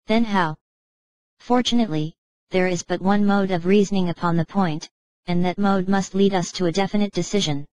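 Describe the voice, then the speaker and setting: A woman narrating an audiobook in a measured, even reading style. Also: medium pitch, no echo, poor audio. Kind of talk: scripted narration.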